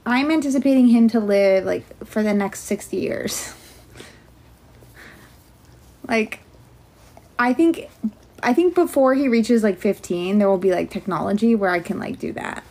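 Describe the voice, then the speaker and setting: A woman's voice: medium pitch, expressive, unhurried, pauses often, a little mellow. A young woman chatting casually on a livestream from home, rambling with lots of filler words.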